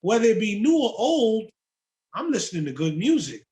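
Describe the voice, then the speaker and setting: A man from the Bronx, a music producer telling stories in a casual interview, profane, animated and full of slang. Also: sits high, moderate pace. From the Bronx, New York.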